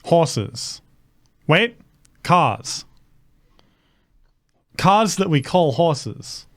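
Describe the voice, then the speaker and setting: A man co-hosting a casual comedy podcast, tossing out playful ideas in a halting way. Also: fairly high pitch, very animated, no room sound. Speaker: podcast co-host.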